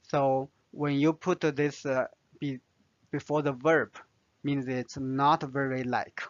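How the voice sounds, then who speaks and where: A man with a Chinese accent teaching Mandarin vocabulary and grammar, explaining slowly with small restarts. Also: mid-range voice, little pitch movement, no room sound, highs cut off. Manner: slow, careful, with restarts and fillers. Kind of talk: language lesson narration.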